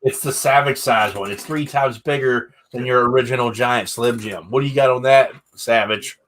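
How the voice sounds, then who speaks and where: A man's voice: mid-range voice, normal speed, fairly bright tone, a little hiss or hum. Agreeable man hosting a chat. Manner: friendly short agreements, curious questions. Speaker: host. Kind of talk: casual interview chat.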